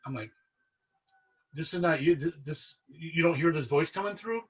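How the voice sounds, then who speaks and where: A man, a paranormal investigator, telling his story as a podcast guest in an earnest, excitable way. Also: a little high, moderate pace, slightly rough, far from the mic, muffled recording. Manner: earnest, excitable storyteller who relives events. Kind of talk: casual storytelling interview.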